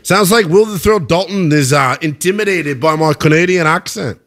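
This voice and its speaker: A man's voice: a little high, moderate pace, a bit bright. A man hosting a sports talk radio show, joking and self-mocking as he takes calls and runs segments.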